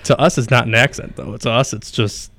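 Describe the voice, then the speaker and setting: A radio host from Western New York with that regional accent, bantering casually and laughing often. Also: male voice, medium pitch, fairly even intonation, fairly quick, creaky, noisy background.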